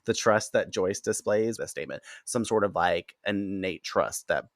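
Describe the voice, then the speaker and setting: A man with a lowish voice walks through an episode in loose, casual chat. He tells it with animated energy and drops curse words freely. The sound is close and dry, with no room echo. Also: normal speed, creaky. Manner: animated storyteller who swears freely. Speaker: podcast host recapping a TV episode.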